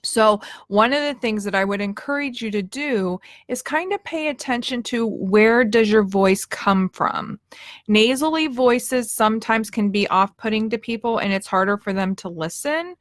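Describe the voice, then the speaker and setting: A woman's voice: on the high side, moderate pace, dry recording, studio quality. A woman leadership coach giving a casual, friendly talk about speaking skills, directly addressing her viewers. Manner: friendly, direct, conversational with small restarts.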